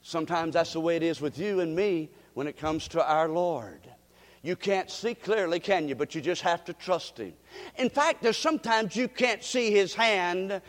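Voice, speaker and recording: A man preaching a sermon, telling folksy stories and calling on the congregation to answer back. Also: high voice. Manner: preaching with call-and-response to the congregation; folksy storytelling with frequent restarts. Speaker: pastor. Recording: long reverb of a church hall.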